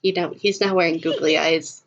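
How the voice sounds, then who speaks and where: A woman's voice: sits low, fairly even intonation, moderate pace. A woman narrating her character in a casual tabletop roleplay, hesitant and full of fillers. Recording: dull lo-fi recording.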